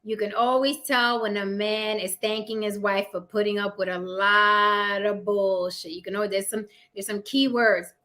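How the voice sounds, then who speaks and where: A woman's voice: mid-range voice, fairly even intonation, normal speed, few pauses, sharp tone. Sassy New York woman hosting a livestream. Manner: blunt, sassy, profane. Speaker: host. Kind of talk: casual livestream chat.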